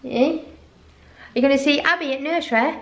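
A woman's voice: high voice, a little fast. A woman chatting casually in a home vlog, coaxing and teasing her toddler. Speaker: family vlogger. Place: family home, indoors.

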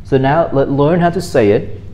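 A man's voice: a little high, normal speed, warm tone, a little hiss or hum. A man with a Cambodian accent teaching an online English pronunciation lesson, patient and repetitive, with non-native phrasing.

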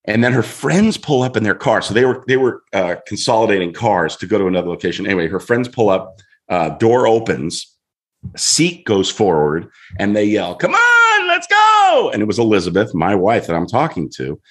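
A middle-aged man, a guest on a show, telling a story in an animated way and acting out voices as he goes. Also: lowish voice, fairly quick. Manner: lively, acts out voices in his story.

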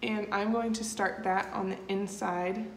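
Speaking in an unhurried, creaky mid-range voice with fairly even intonation, a woman hosts a makeup tutorial. She walks through each step in a chatty, easygoing manner full of fillers, recorded in an echoey room with faint noise.

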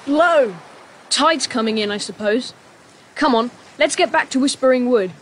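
A level-headed boy, high voice, steady and reassuring, with light teasing; faint noise behind. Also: moderate pace. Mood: weary. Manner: calm, reassuring, gently teasing. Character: sensible boy Julian, leader of the group. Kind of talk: audio drama acting.

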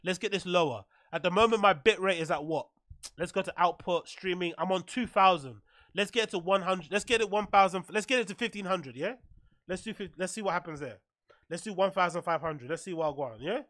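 A man reacting to clips and thanking donors on a casual live stream, animated and swearing freely. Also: high voice, fairly quick, no room sound, clean studio sound. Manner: animated, swearing, loud shout-outs.

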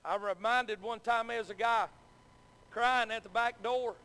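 A middle-aged pastor, preaching earnestly in a church and calling out frequent amens. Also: male voice, extremely high pitch, steady tone, unhurried, sharp tone. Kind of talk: sermon. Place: church sanctuary. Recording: long echo of a church hall.

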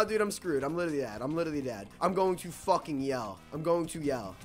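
Brief: young male streamer, slightly high, bright voice, jumpy and excitable, faint music behind. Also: quick pace, few pauses. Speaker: gaming YouTuber. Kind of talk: live gameplay commentary.

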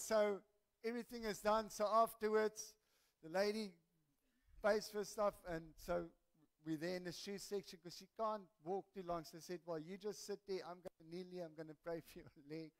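High-voiced preacher, excited. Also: male voice. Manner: storytelling, excited, builds to shouts. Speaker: pastor. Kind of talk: sermon testimony. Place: church.

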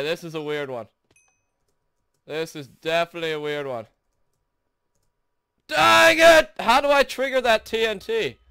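A young man hosting a gaming video, commentating his own play in frustration, shouting and groaning between sarcastic mutters. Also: a little high, clear, resonant tone, no echo. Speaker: gaming channel host. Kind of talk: raging let's play commentary.

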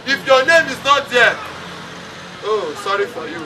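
A man's voice: very high-pitched, animated, unhurried. A man with a Nigerian accent preaching a funeral sermon, mixing English and Pidgin, calling on the congregation to respond. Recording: distant mic with crowd and noise.

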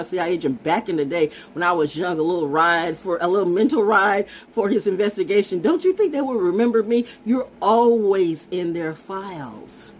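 A woman vlogger who styles herself an oracle delivers a brash, profane, rambling monologue in a mid-range voice, with slight background noise. Her talk keeps looping back and repeating the same phrases.

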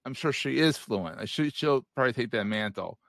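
A man in his forties hosts a casual interview, quick with a joke and laughing along at his own lines. His voice sits at a middling pitch and sounds close and dry, with no room behind it. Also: lively intonation, vocal fry, fairly bright tone, no room sound. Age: 40s. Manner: joking, laughs at own quips. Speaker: podcast host.

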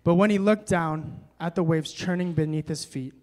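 A young man preaching at a young adults service, moving between quiet reading and loud, emphatic exhortation, with casual fillers when he tells a story. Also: on the high side, moderate pace. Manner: casual, many fillers when telling stories. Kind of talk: sermon.

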